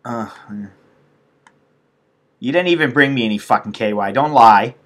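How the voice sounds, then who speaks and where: Middle-aged man from the States, bright forceful voice, swearing freely on a live-stream rant. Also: medium pitch, moderate pace. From United States. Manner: profane, venting, blunt. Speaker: expat vlogger.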